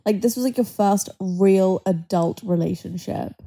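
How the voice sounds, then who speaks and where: A woman's voice: mid-range voice, unhurried, creaky, warm tone, husky. A woman in her twenties co-hosting a podcast, chatting in a blunt, teasing and reassuring way. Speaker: podcast co-host. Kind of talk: casual chat.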